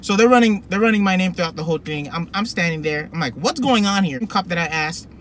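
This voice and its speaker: A young man telling a personal story to camera in a rambling, animated way, full of fillers and restarts. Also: a little high, fast talker, slight background noise. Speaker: vlogger. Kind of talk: casual storytelling.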